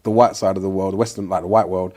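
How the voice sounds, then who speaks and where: A man hosting a casual podcast, asking questions in halting, restarting phrases. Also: sits low, fairly even intonation, mellow. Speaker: podcast host.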